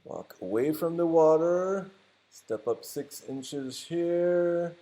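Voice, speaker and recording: Slow, dark-voiced French Canadian man. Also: fairly high pitch. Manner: chatty, rambling, teasing asides. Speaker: vlogger. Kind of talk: casual on-camera narration. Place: outdoors on a beach by the water. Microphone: handheld camera mic.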